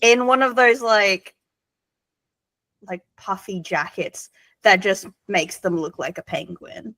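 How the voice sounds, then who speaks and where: A woman's voice: medium pitch, expressive, slow pace, pushed and bright, dry recording. A woman player in a tabletop game, casually describing her character in a meandering way full of likes and ums.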